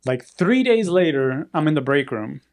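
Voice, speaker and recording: Animated storytelling man, slightly high. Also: normal speed. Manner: animated, acts out quoted voices. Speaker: guest telling a story. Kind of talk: casual storytelling.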